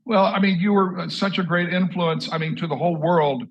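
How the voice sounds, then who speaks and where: A man's voice: high-pitched, a little fast, dull audio. A man in his sixties from Southwest Iowa, hosting a casual chat and telling stories with frequent word repeats and restarts. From Southwest Iowa, USA. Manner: repeats words and restarts often, lively storyteller. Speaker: host, drummer.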